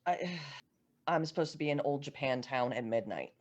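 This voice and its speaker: A woman's voice: sits low, animated, normal speed, darkish tone, muffled recording. Blunt, swearing woman player. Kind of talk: playing a tabletop game character.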